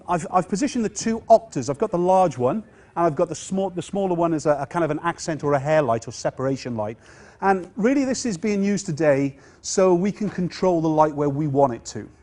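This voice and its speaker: An English man teaching portrait lighting, giving a hands-on demonstration and coaching a model as he works. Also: fairly high pitch. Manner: directing a model with warm encouragement. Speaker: photography instructor. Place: outdoors at a seafront location.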